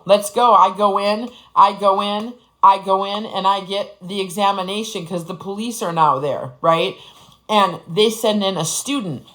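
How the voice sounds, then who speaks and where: A woman from Upper Michigan tells her own story in plain, casual talk, cursing freely and calling her listeners "bestie". Her voice is bright and forceful. She talks to her audience directly and bluntly. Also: mid-range voice, low-quality recording. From Upper Michigan, United States. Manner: blunt and profane, often addresses listeners as "bestie".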